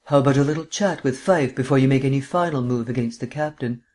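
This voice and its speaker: A fast-talking man with a mid-range, slightly mellow voice, near to everyday speech, narrates an audiobook. The character he reads is a languid, erudite male amateur detective who lectures at length with a mannered drawl.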